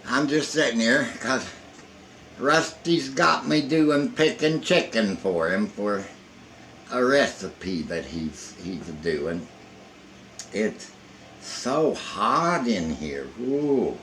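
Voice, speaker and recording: A man's voice: medium pitch, lively intonation, takes it slowly, fairly bright tone, a little hiss or hum, poor audio. An older man who tells folksy jokes and stories in a rambling way, sitting indoors. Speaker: storyteller. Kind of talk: casual folksy joke-telling. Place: indoors in a hot room.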